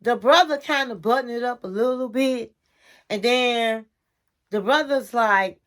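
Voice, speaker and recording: A woman's voice: a little high, a little slow. A woman hosting a casual reality TV recap, chatty and sassy, talking straight to the listener.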